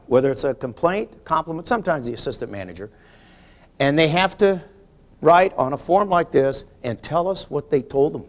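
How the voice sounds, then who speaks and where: A man giving an emphatic, motivational business talk at a sales meeting, telling anecdotes and repeating key points. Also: fairly high pitch. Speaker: grocery chain executive addressing a sales meeting.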